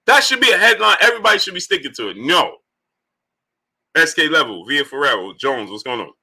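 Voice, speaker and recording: A man hosting a live stream, his voice bright and sharp and pitched a little high. He talks in animated bursts and keeps breaking off to greet chat viewers by name. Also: a little fast. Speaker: livestream host.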